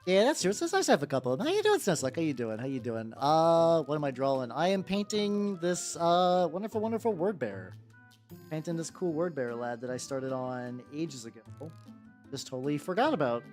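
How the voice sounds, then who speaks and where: A man streaming while he paints miniatures, chatting casually with viewers in an animated, rambling way and repeating his greetings. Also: on the high side, fairly quick. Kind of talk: casual livestream chat. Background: faint background music.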